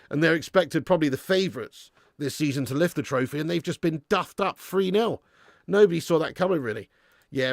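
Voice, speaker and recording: Gravelly excitable football watch-along man. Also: a little high, no echo, studio quality. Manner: excitable, jumps up at big moments; casual banter with viewers. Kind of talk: live match commentary reading chat.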